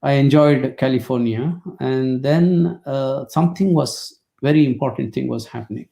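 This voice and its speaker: A man's voice: mid-range voice, normal speed, vocal fry, mellow. A middle-aged man, telling anecdotes in a lecture with wry asides and frequent fillers. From India. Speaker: immunology lecturer. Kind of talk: storytelling webinar lecture.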